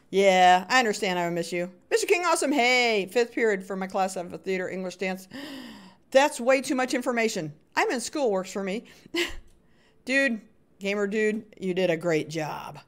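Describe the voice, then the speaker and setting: With a medium-pitched, expressive voice at a normal pace, a woman commentates her live Minecraft stream. She keeps up a chat with viewers, cheers on other players, and hums small sound effects as she plays.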